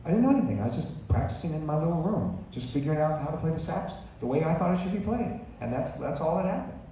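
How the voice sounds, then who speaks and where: Here is an older man guesting at a live stage interview, chatty and full of jokes, quick to poke fun at himself. His voice sits a little high, picked up from a distance in a big echoey room with noise around it. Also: mellow. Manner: joking, chatty, self-deprecating. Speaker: guest musician. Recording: echoey hall, distant mic, noisy.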